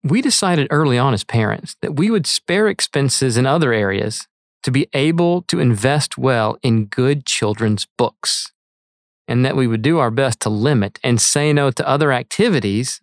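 A man's voice: mid-range voice, dry recording. Earnest middle-aged man, dry close voice. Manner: earnest, measured reading. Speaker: author reading his article. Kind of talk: read-aloud essay narration.

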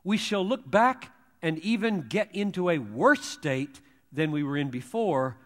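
A male preacher delivers a sermon in a high voice, taking his time and leaning hard on key words. He asks rhetorical questions and reads quotations aloud. His voice rings in the long reverb of a large hall. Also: expressive, a bit bright. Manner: emphatic, deliberate, rhetorical questions.

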